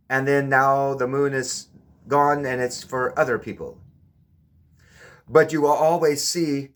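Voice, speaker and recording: A man giving a casual hands-on explanation with objects, often stopping to ask the viewer whether they see it. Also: medium pitch. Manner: keeps checking with the viewer, repeating "do you see". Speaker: presenter demonstrating with objects.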